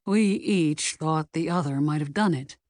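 A woman's voice: sits low, measured pace, darkish tone, no echo, clean studio sound. Woman doing a stammering, panicky man. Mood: nervous. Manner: stammering, nervous.

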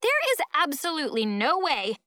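A woman voicing a sharp-tongued teenage girl guitarist who scowls and threatens, in an audiobook. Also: sits high, wildly swooping pitch, moderate pace, dry recording, studio quality, pitched above the performer's own voice, full character voice. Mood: defiant.

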